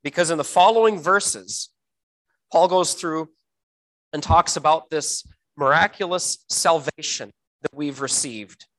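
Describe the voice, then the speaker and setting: A man teaching a Bible verse word by word, often pausing with fillers and repeating words, slowing down to stress key phrases. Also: on the high side, a bit bright, rough recording.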